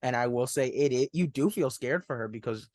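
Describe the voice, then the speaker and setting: Excited young man reviewing films. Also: medium pitch, a little fast, dry recording. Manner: enthusiastic, laughs while talking, says "one hundred percent". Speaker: film review podcast host. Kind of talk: casual movie review chat.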